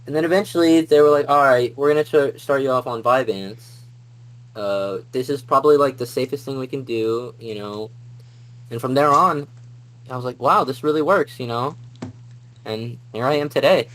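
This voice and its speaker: Young guy rambling through a story on a podcast, lots of likes and you knows, average pitch. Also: moderate pace, poor audio. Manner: rambling, many fillers and restarts. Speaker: podcast guest. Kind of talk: casual storytelling.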